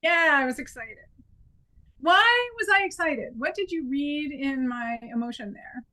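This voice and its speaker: A woman's voice: high voice, lively intonation, a little slow, bright, forceful tone. A woman instructor leading an improv exercise in a training workshop, encouraging and conversational. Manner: encouraging, conversational, with playful demonstrations.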